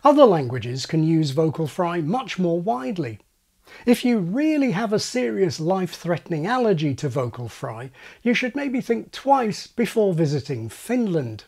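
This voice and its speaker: A man narrating a scripted video essay in a wry, explanatory way, with a husky voice. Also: high-pitched, very animated, normal speed, darkish tone.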